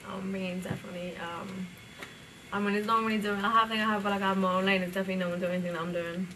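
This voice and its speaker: A young woman with a British accent talks fast and loosely as an interview guest, stringing her thoughts together with plenty of fillers and quick laughs. Her voice is bright and forward, and she sits a little back from the mic. A faint hum of room noise sits behind her. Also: mid-range voice, flat delivery, distant mic, low-quality recording. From United Kingdom. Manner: chatty, filler-heavy, laughs easily. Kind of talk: casual interview chat.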